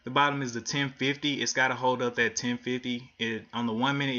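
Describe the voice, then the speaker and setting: A man's voice: medium pitch, flat delivery, fairly quick, hardly any pauses, bright, forceful tone, lo-fi sound. A man giving live commentary on his day trading, thinking aloud and frustrated as he watches the charts. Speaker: livestream day trader.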